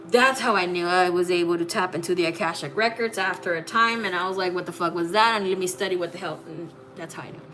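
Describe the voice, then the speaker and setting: A woman who reads tarot as a psychic tells a personal story casually and bluntly, swearing freely and packing her speech with fillers. Her voice is medium in pitch and a bit bright.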